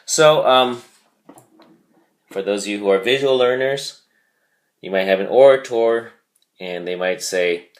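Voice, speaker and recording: A male teacher walks through a vocabulary word in a lesson video. His voice sits low, and he moves slowly and deliberately. He repeats key words so they sink in.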